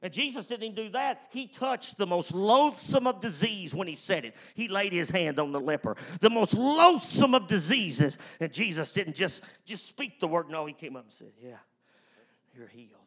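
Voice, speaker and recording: A man preaching a fervent, emphatic sermon, swinging from loud whoops to hushed tones. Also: high voice, big pitch swings, normal speed, hardly any pauses, husky. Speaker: pastor.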